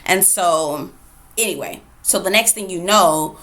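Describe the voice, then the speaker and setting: Animated woman recapping a TV episode. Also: fairly low pitch, measured pace. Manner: animated, retells scenes with voiced quotes and asides. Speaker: TV reviewer. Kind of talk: casual recap with acted-out quotes.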